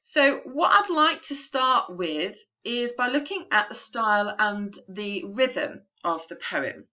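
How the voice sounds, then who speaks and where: A woman teacher explaining a poem in a recorded remote lesson, patient and clear, with frequent ums. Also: a little high, big pitch swings, slow, sharp tone, muffled recording.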